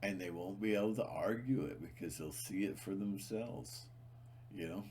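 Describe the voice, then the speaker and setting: A man with a fairly low voice talks to his channel's viewers in a loose, rambling monologue. He leans hard on repeated words, trails off, and restarts his sentences often. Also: normal speed, a little mellow, slight background noise. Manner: emphatic, repetitive, many restarts and fillers. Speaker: channel host.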